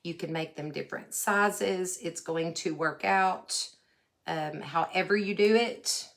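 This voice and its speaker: Speaking slowly with vocal fry, a Texan-accented woman with a low-leaning voice runs a casual craft livestream. She's folksy and chatty, greeting viewers warmly by name as she crafts.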